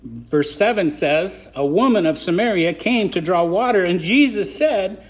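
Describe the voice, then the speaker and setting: A man's voice: high voice, lively intonation, a little slow. A man preaching a conversational sermon on a podcast, acting out scripture scenes in voices.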